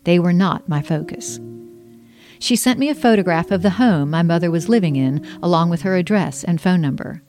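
A woman's voice: on the low side, normal speed, darkish tone, faint music behind. A woman reading her own memoir aloud in a reflective, intimate, wry first-person narration.

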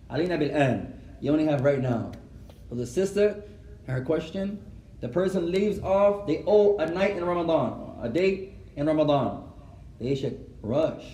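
A man's voice: fairly high pitch, slight background noise. Man teaching in an echoey mosque hall. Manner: mixes Arabic phrases into English, gently instructive. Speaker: teacher answering questions. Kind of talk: mosque lesson with questions. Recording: roomy echo, voice from far off.

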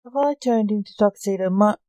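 A woman reading aloud plays a clumsy, excitable storybook hero in a chicken costume. His voice is eager but mellow and slow, recorded close and dry. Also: mid-range voice, no echo, lightly acted, low-quality recording.

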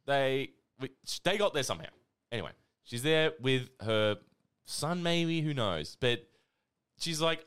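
A man's voice: mid-range voice, animated, measured pace, fairly bright tone, smooth. A man co-hosting a podcast, telling a rambling story through bursts of laughter in casual chat.

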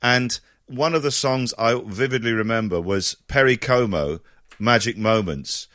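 A middle-aged man tells stories in a relaxed interview. He restarts phrases often and breaks into laughter. His pitch sits mid-range, and the sound is dry and close. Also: measured pace, dry recording. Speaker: interview guest. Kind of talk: casual conversational interview.

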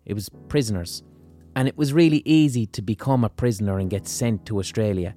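A man's voice: fairly low pitch, a little fast, mellow, soft background music. An Irish man hosting a podcast, explaining things in a blunt, casual, sweary monologue. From Limerick, Ireland. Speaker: podcast host.

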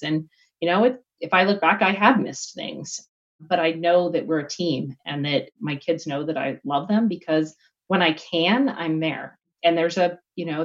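A woman's voice: deep voice, vocal fry. Reflective middle-aged woman, lo-fi sound. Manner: reflective, many fillers and restarts. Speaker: guest executive. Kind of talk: candid interview answer.

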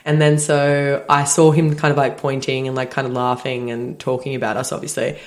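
A woman's voice: very deep voice, flat delivery, brisk. A young Australian woman co-hosting a podcast, telling a story in a casual, chatty way, saying "like" often and laughing easily. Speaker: podcast co-host.

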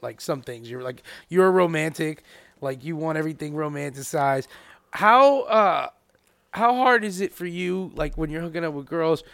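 A man's voice: a little high, fairly bright tone, no room sound. A man in a casual podcast chat, swearing and stumbling over restarts as he asks questions. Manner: profane, stammering restarts when asking questions.

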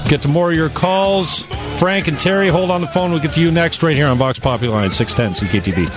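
Man hosting call-in radio, music under. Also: on the high side. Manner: jokey, laughs often, quick banter. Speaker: radio talk show host. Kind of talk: casual call-in radio chat.

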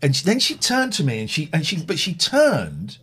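A man hosting a chat show, telling stories in a rambling, animated way. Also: on the high side, moderate pace, slightly rough. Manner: rambling, lively, mimics others. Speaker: podcast host.

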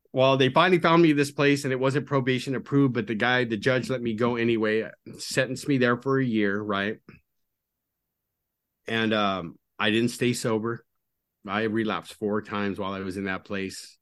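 A middle-aged man, a podcast guest and recovery coach, telling his story in an earnest, confiding way that often sinks to a low murmur. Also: steady tone, moderate pace, a bit bright. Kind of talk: candid storytelling interview.

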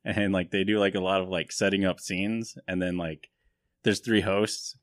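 A man's voice: low voice, little pitch movement, normal speed, no echo, studio quality. A man hosting a podcast in casual chat, joking, self-mocking and rambling. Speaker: podcast host.

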